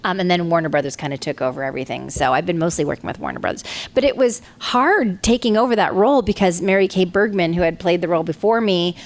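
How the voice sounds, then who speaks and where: A woman in her forties, a voice actress telling stories at a convention panel, animated and slipping into other people's voices as she quotes them. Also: quick pace. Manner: animated, acts out quoted voices in higher pitch.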